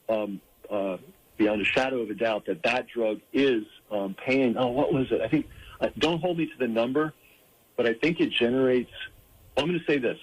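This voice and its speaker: A man speaking as an interview guest, earnest and halting, with frequent fillers and restarts. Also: medium pitch, rough recording. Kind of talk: conversational interview.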